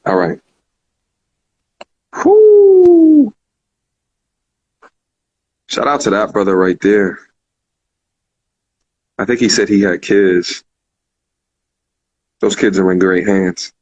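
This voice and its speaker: A man's voice: sits low, fairly even intonation, measured pace, pauses often, no echo, highs cut off. A man hosting a live call-in talk show, speaking casually and heartfelt, repeating phrases with many fillers. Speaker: show host.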